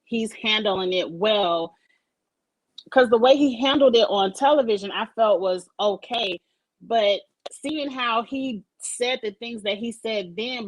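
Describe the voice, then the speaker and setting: A woman's voice: medium pitch, low-quality recording. A woman hosting a casual live-stream chat over a video call, speaking emphatically and candidly and swearing freely. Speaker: host of a live-streamed talk show; supervisor at work.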